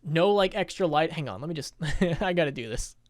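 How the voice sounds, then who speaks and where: A man's voice: on the high side, lively intonation, fairly quick, no echo, studio quality. A man, a gaming YouTuber, giving casual reaction commentary in a blunt, profane, laughing manner.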